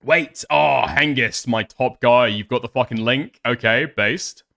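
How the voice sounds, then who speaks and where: A man's voice: medium pitch, unhurried, creaky, pushed and bright. A young man doing casual stream commentary, swearing often, laughing and making sarcastic asides.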